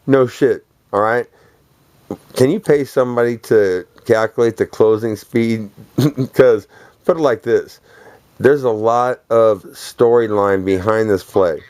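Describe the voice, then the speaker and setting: A man's voice: medium pitch, slow, darkish tone, clean tone, no room sound. A man delivering a rambling, profane, boastful monologue, laughing between phrases.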